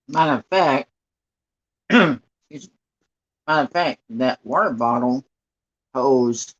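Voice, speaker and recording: A man chatting slowly in a rambling way to live-stream viewers, often clearing his throat. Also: mid-range voice, fairly bright tone. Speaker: livestreamer painting for viewers. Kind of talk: casual live-stream chat. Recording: dull lo-fi stream audio.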